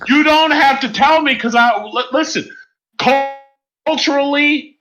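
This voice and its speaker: Man, blunt, emphatic, bright high voice, muffled voice chat. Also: unhurried. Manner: blunt, emphatic, repeats himself. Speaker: voice chat participant. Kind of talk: casual group voice chat. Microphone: online voice chat mic.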